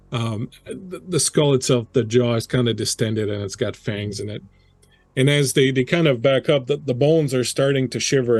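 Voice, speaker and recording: A man's voice: mid-range voice, darkish tone, no echo. A man narrating a tabletop role-playing game as game master, loose and rambling with fillers.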